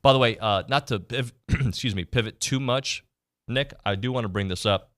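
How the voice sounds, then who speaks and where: A man's voice: medium pitch, moderate pace, fairly bright tone. A man hosting a sports radio show, bantering and teasing his co-hosts in casual chat from the studio.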